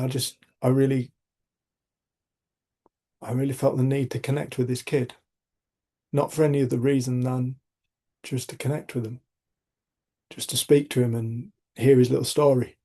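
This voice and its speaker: A man's voice: medium pitch, warm tone, husky. A middle-aged man hosts a community group. He tells personal stories in a frank, rambling way, restarting sentences and swearing casually. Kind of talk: reflective personal storytelling.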